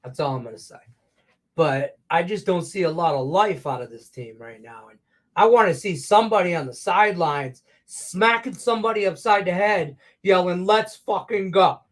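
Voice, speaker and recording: A man hosting a live betting show, ranting profanely about the game on screen. His voice sits a bit high for a man, and he swings from loud outbursts down to low grumbles. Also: moderate pace. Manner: profane, excitable, rants then mutters low. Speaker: sports betting show host.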